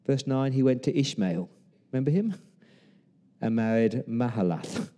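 A man's voice: mid-range voice, animated, moderate pace, dark tone. A man preaching a sermon as pastor, retelling Bible scenes with humor and acting out the lines of the people in them. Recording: long hall reverb.

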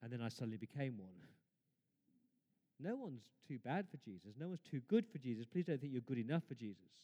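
A man preaching a sermon in a church, emphatic, rising to loud exclamations and dropping to quiet asides. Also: medium pitch, very animated, fairly quick, slightly rough, dull audio. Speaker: pastor. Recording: long reverb of a church hall.

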